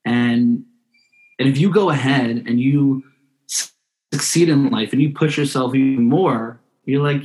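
A man's voice: medium pitch, measured pace, darkish tone. A man speaking as a podcast guest in a casual interview, earnest and heartfelt, often restarting his sentences.

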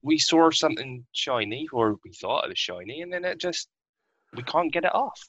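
A tabletop player in character with a husky, breathy voice that swings wildly up and down in pitch. The sound is dry and close, and the delivery is goofy. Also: big pitch swings, moderate pace, a bit bright, no room sound. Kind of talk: tabletop role-play.

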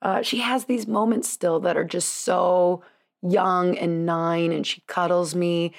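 A woman's voice: fairly low pitch, fairly even intonation, unhurried, creaky. A woman in her thirties hosting a podcast, telling a rambling personal story in a chatty, self-deprecating way and laughing often. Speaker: podcast host, chiropractor. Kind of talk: casual storytelling monologue.

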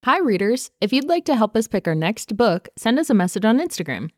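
A woman co-hosting a podcast, recapping a TV drama in a casual, animated way with lots of fillers and swearing. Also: on the high side, a little fast. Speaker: podcast co-host.

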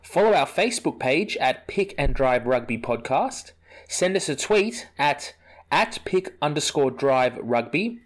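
A man's voice: a little high, measured pace. Man reading a podcast outro. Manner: even, read-out announcement.

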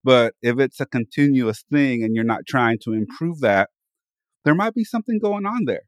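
Animated male podcast co-host, dry sound. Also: mid-range voice, moderate pace, dry recording. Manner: animated, hypes himself up with repeated phrases. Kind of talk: casual chat. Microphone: studio microphone.

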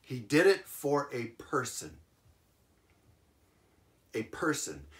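A man's voice: medium pitch, slow. Chuckling male preacher telling a Bible story. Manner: animated storytelling with chuckles and emphatic repetition. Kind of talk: sermon retelling a Bible story.

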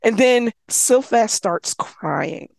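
A woman casually retelling a novel's plot, animated, swearing freely and slipping into quick voices for the characters. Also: a little high, gravelly. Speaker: book recapper.

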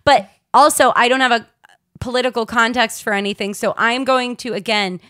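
A woman's voice: on the high side, normal speed, no echo, clean studio sound. A young woman comedian from Baltimore, telling a rambling story in a casual podcast chat. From Baltimore, USA. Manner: animated, rambling storyteller full of "like". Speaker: guest comedian.

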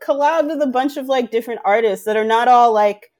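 Woman, casual podcast chat, rambling, filler-heavy, animated. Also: a little high, fairly quick. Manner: animated, speaks in loose, rambling phrases with constant fillers.

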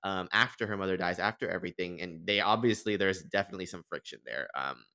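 Bright-toned young man chatting animatedly. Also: low-pitched, fast. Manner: animated, laughs often, acts out characters' reactions. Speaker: podcast co-host. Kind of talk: casual chat.

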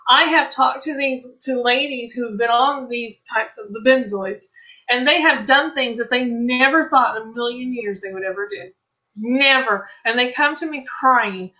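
Bright-voiced woman telling an earnest faith story. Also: fairly high pitch, normal speed, dull audio. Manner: earnest storytelling with frequent restarts and quoted dialogue. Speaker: Christian ministry speaker. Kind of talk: testimony-style faith talk.

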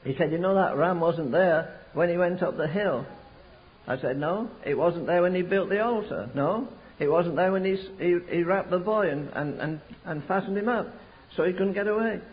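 A man's voice: high voice, moderate pace. An older man from America preaching a sermon, telling stories and building to fervent emphasis. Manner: storytelling, rising to fervent emphasis. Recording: dull lo-fi sound.

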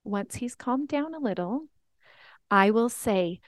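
A woman's voice: fairly high pitch, lively intonation, slow pace, dry recording, studio quality. A woman life coach hosting a podcast, telling family stories in an earnest, teaching way. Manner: earnest storytelling, reenacts family talks.

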